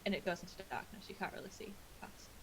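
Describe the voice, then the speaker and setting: A woman's voice: medium pitch, quick pace, background noise. A woman running a tabletop game as game master, narrating with frequent laughter and rambling asides. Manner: giggly, rambling.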